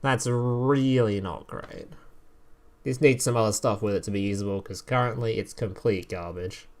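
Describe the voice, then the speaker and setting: A man's voice: lowish voice, moderate pace. A man streaming casual commentary as he reviews game cards, reading card text aloud, swearing and laughing as he goes.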